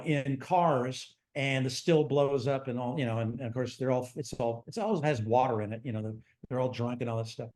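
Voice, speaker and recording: A man in his sixties, a theme park designer telling stories from his life in an interview, acting out the voices of people he quotes. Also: medium pitch. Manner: animated, acts out quoted dialogue in his telling. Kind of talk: storytelling in conversation.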